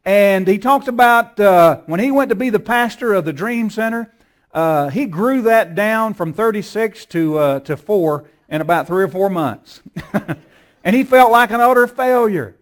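A man with a drawl preaching from the pulpit, his voice sitting high for a man. He tells his story in looping, repeated phrases and climbs to emphatic peaks. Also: animated, measured pace. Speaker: pastor. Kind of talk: sermon.

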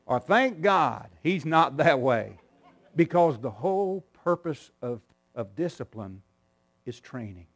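A middle-aged man preaching a sermon, telling a family story with acted-out quoted voices and frequent laughter, moving from quiet low lines to loud high outbursts. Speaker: pastor.

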